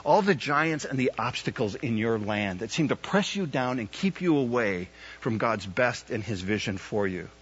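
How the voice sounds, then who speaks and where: Husky-voiced pastor in his fifties preaching. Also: medium pitch, animated, normal speed. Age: 50s. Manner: builds to loud emphatic peaks, questions the congregation. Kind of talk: sermon. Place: church service. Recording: dull lo-fi sound.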